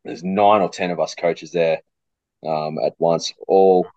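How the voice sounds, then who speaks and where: Deep-voiced Aussie male coach guest, dry close sound, thoughtful, coughing now and then. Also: fairly even intonation, a little slow, warm tone, no echo, lo-fi sound. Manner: thoughtful, repeats words as he thinks. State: coughing fit. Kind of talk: casual interview chat.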